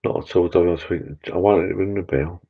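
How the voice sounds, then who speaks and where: Rambling middle-aged bloke, deep. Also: male voice, fairly even intonation, normal speed, narrow, tinny audio. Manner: rambling, jokey, repeats words. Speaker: live stream host. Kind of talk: casual live stream chat. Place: backyard garden bar shed.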